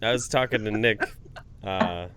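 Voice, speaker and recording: A man co-hosting a podcast in casual chat, reading out viewer comments, loud and animated, with frequent swearing. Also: on the low side, a little slow, slight background noise. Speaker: podcast co-host.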